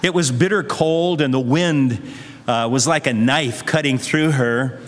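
A man's voice: mid-range voice, measured pace. A male pastor preaching a sermon in a conversational, earnest way, weaving in a story. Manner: conversational, earnest, uses fillers. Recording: long hall reverb.

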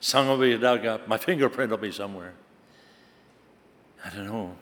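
A man preaching a sermon, dramatic, swinging from loud bursts to hushed tones. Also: fairly low pitch, normal speed, slight background noise. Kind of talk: sermon with recited poem. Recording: long hall reverb.

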